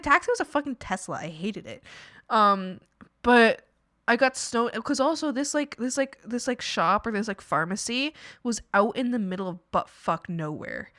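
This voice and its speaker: A woman's voice: mid-range voice, a bit bright, no echo, clean studio sound. A young woman streamer telling a rambling story in casual chat, with lots of fillers and laughter. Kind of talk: casual storytelling while drawing.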